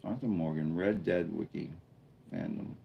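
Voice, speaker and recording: A man hosting a casual live stream from an indoor room lit by a bright studio light, chatting and thinking aloud as he reads viewer comments. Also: deep voice, normal speed, creaky, muffled recording, slight background noise. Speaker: livestreamer.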